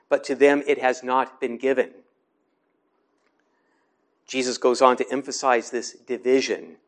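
A man preaching a sermon in a measured, explanatory way, slowing down to stress scripture. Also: mid-range voice. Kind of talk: sermon teaching.

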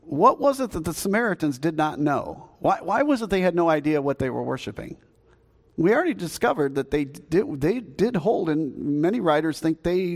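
A man with a Southern US accent preaching a sermon as pastor, in a folksy, conversational way that asks the congregation questions. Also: on the high side. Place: church sanctuary. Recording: long hall reverb.

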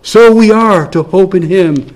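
Preaching a sermon, a man with a slightly high voice speaks earnestly and relies on repetition, stretching key phrases out slowly. He alternates soft, low passages with louder lines.

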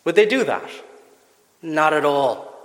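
A man's voice: on the high side, sing-song, slow pace. A man preaching a sermon, emphatic and asking the congregation rhetorical questions. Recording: echoey church hall with long reverb.

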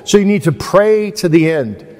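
Speaking at normal speed in a high-pitched, animated, darkish voice, a man preaches an anecdotal, conversational teaching sermon at a seminar. He pokes fun at himself, and the hall gives the recording a long reverb.

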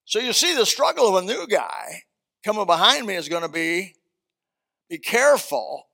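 An older pastor preaches in a church auditorium, folksy and emphatic, with joking asides. His voice sits high and has a bright edge. It carries a gravelly rasp. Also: very animated, normal speed. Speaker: senior pastor. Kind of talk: sermon.

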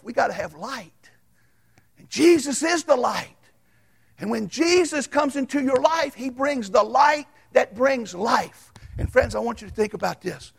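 A man preaching a sermon as a Baptist pastor, folksy and storytelling, swinging from loud to hushed. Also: sits high, creaky, husky.

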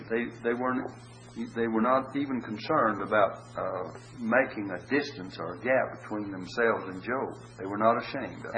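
An older man teaching from the Bible, reading verses slowly, then putting them in plain folksy words. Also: lowish voice, lively intonation, a bit bright. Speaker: preacher. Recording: dull lo-fi recording with faint hum.

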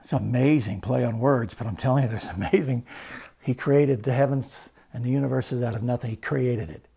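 A man preaching a sermon as pastor, moving between loud, emphatic declarations and hushed, stressed words, with a repetitive preaching cadence. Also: mid-range voice, a little fast, creaky, slightly rough.

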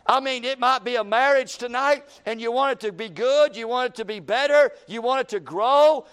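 A man's voice: very high voice, fairly bright tone, clear, resonant tone. A man preaching a sermon in church, acting out the despairing talk of ordinary people.

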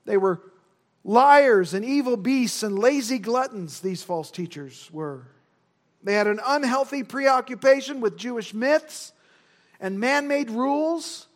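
A man with a strikingly high voice preaches a sermon. He lands his points with emphasis and drives them home by repeating key words. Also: animated, slow. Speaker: pastor. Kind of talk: expository sermon.

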